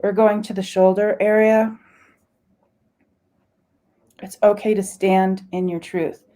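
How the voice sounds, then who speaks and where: A woman leading a guided spiritual meditation, talking slowly and soothingly, with sighs and chanted syllables between her words. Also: medium pitch, flat delivery, mellow.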